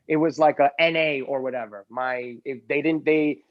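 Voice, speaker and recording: A man's voice: mid-range voice, fairly even intonation, moderate pace, highs cut off. A man arguing defensively in casual podcast talk, rambling and repeating himself. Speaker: podcast guest. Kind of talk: heated casual argument.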